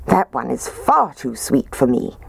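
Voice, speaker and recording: A woman's voice: rumbling low, very animated, unhurried, gravelly, slightly rough, no echo, full character voice. A woman voicing a fussy, picky little girl in a storybook reading.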